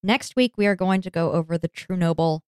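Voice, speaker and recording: A woman's voice: fairly low pitch, fairly quick, darkish tone, clean tone, no echo, studio quality. A woman co-hosting a casual podcast, playful, laughing and frank. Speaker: podcast co-host. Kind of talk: casual chat.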